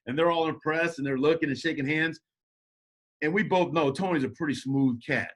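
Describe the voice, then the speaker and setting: A middle-aged man telling a story as a podcast guest, animated and jokey, acting out quotes in shifting voices. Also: on the high side, a little fast, breathy edge. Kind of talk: casual storytelling.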